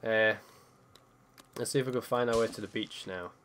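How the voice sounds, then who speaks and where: A man giving casual gameplay commentary as he plays. He gets excited and spooked easily and swears freely. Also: lowish voice, normal speed, a little hiss or hum. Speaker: let's play gamer.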